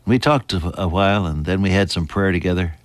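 A man preaching a sermon, earnest, building to emphatic high points and then falling soft and hushed. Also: a little fast, dry recording.

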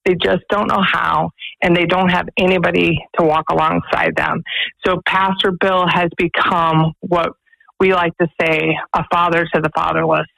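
A woman's voice: on the low side, level tone, measured pace, gravelly, fairly bright tone, dry recording, low-quality recording. A woman, director of a pregnancy resource center, earnestly telling stories as a guest on a radio interview in a studio. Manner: earnest storytelling, quoting others.

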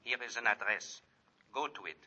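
A man's voice: on the low side, animated, normal speed, pushed and bright, exaggerated voice. An actor playing a secretive, insistent man giving clipped, formal instructions, in 1940s radio acting. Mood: urgent. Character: secretive insistent male jewel-deal contact. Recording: muffled old radio recording.

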